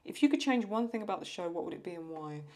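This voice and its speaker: Fast and animated, a young English host chats while she draws, her voice fairly low and darkish in tone. She rambles, talks to herself and fields questions from viewers.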